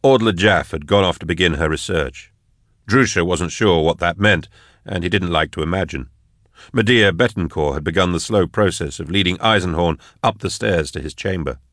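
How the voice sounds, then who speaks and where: Deep-voiced male audiobook narrator. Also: moderate pace, a bit bright, no room sound, clean studio sound. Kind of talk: scripted narration.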